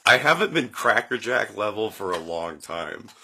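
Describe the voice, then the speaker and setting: A young man hosting a podcast, telling a story in a casual, animated way, acting out quotes with jumps in his voice and laughing often. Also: fairly low pitch, moderate pace, husky. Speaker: podcast host.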